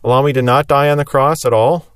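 A man's voice: mid-range voice, fairly even intonation, quick pace, fairly bright tone, clear, resonant tone, dry recording, clean studio sound. A man preaching a sermon in an earnest, explanatory way, stressing repeated phrases.

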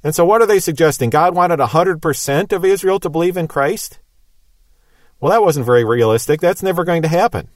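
A man's voice: on the high side, animated, a little fast, no room sound. A man giving a Bible teaching lecture, explaining step by step in an emphatic, methodical way.

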